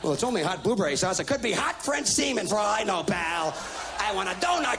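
A man doing a loud, profane, sarcastic stand-up rant on stage before a live audience. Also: high voice, big pitch swings, fairly quick, hardly any pauses. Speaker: stand-up comedian. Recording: live show with crowd and music.

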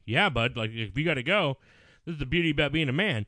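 A man's voice: mid-range voice, fast, dry recording, clean studio sound. A middle-aged man, a podcast co-host, telling stories in casual chat with lots of swearing. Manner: profane, animated storyteller.

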